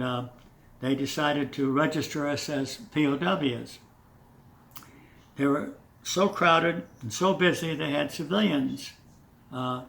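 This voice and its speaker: An older man telling his memories in an oral history interview, halting with many fillers and restarts, chuckling now and then. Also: a little high, creaky, a bit bright. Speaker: veteran interviewee. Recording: echoey room, distant mic, faint noise.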